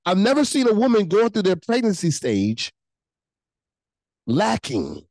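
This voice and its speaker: Animated preacher, lively swooping pitch. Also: unhurried, no room sound, rough recording. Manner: animated, repeats phrases for emphasis, calls out to the chat. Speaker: pastor. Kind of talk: livestreamed sermon.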